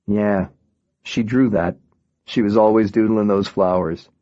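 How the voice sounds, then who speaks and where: A man voicing a blunt teenage boy in a flat, matter-of-fact way. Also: on the low side, a little slow, dry recording, muffled recording, lightly acted.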